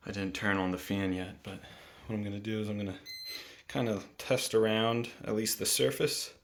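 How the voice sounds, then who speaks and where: A young man talking through a home wiring job in a relaxed, thinking-aloud way. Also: lowish voice, normal speed. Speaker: DIY video host. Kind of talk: casual how-to narration. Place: indoors in a home bathroom.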